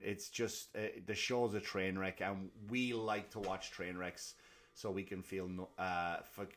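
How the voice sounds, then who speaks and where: A man hosting a comedy podcast, ranting casually with lots of swearing and self-deprecating asides, dropping to low mutters and then rising into loud bursts.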